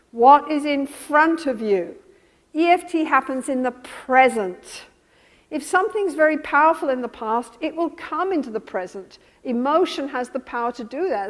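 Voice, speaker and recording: A woman teaching a room of therapists in a calm, measured way, her voice sitting fairly high. She slows and softens as she models how to soothe a client. The sound rings with a long reverb, as in a lecture hall. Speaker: therapy trainer. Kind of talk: teaching lecture with role-played therapy examples.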